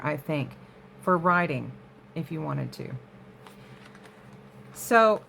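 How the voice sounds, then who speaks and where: A woman's voice: on the low side, a bit bright, a little hiss or hum. A woman hosting a crafting vlog from her home craft room, chatting casually to viewers and easily sidetracked. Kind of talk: casual show-and-tell chat.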